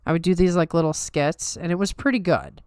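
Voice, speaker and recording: A woman's voice: fairly low pitch, expressive, brisk, darkish tone, smooth, no room sound, clean studio sound. A tired woman hosting a podcast, chatting casually and wryly with her viewers. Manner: wry, self-deprecating chatter. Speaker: podcast host. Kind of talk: casual chat with live chat.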